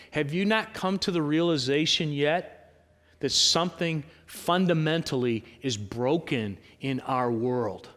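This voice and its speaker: A male pastor delivers a sermon in a loose, conversational way, full of rhetorical questions and quick asides to the congregation. His voice sits a little high for a man. The sound carries a long reverb from the church sanctuary. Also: a bit bright.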